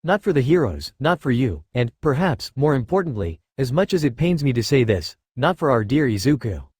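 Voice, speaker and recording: A man voicing a faceless, manipulative villain mastermind who threatens slowly and smoothly, read as part of an audiobook. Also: mid-range voice, very animated, a little mellow, no echo, studio quality. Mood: coldly threatening. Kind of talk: audiobook character voice.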